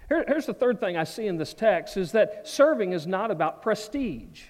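A man preaching a sermon as pastor, conversational and animated, slipping into quoted voices. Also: high-pitched, moderate pace. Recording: long reverb of a large hall.

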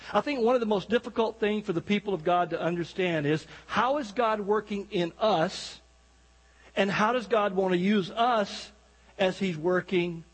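Folksy guest preacher, male, high husky voice, long church reverb. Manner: folksy, joking, talks directly to the congregation. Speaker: guest pastor. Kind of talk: sermon. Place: church sanctuary.

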